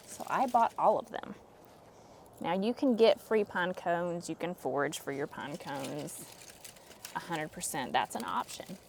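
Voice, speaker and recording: There's a little hiss or hum behind this woman's lowish voice, which has vocal fry and runs a little slow. She's a craft vlogger putting together a flower arrangement at home, chatting through the how-to casually with self-deprecating humor.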